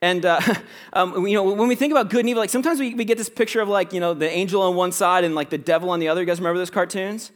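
A man's voice: high-pitched, rapid-fire. A young adult man, a pastor, preaching a sermon in a casual, conversational way with many fillers.

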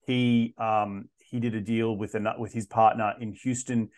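A man in his thirties, a podcast guest telling his story in a casual interview, animated and often restarting his sentences. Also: on the low side, moderate pace. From Australia. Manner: animated, frequent restarts and repeated words.

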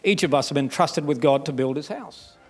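A male pastor with a Southern US accent preaches in a fairly high voice. He talks in a folksy, emphatic way and pushes up into loud, rising stretches. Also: brisk, soft background music. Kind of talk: sermon.

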